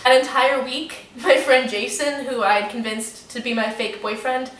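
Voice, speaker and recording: A young woman telling a story to camera in a casual, animated way, swearing freely and saying "like" a lot. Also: a little high, moderate pace, slight background noise. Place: room in front of a window. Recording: echoey room, mic a bit distant.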